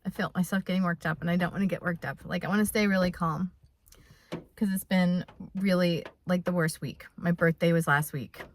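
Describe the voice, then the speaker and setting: A woman's voice: lowish voice, steady tone, a little fast, slight background noise. A woman in her fifties talking through an unscripted personal vlog, rambling and heartfelt with many restarts, close to tears. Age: 50s. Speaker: vlogger. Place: in her truck on a rainy day.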